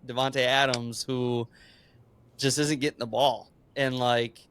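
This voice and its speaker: Young dude on a sports pod, smooth clear voice, blunt, cusses a lot. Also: male voice, medium pitch, level tone, measured pace, fairly bright tone, no room sound. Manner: blunt, swears casually, sympathetic. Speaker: podcast co-host. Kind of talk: casual sports chat.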